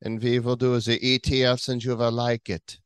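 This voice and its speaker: A man's voice: mid-range voice, level tone, normal speed, clear, resonant tone, no echo, clean studio sound, close to an everyday voice. A man doing a smug supervillain impression. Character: scheming movie supervillain man, smug and menacing.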